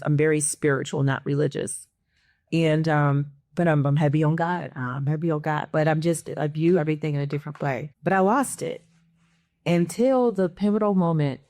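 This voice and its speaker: A woman on a talk panel shares her own story, candid and emotional, with a slightly low voice. The sound is dry and close, with no room around it. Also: darkish tone, no echo. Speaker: panel guest. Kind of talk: personal testimony in a panel chat.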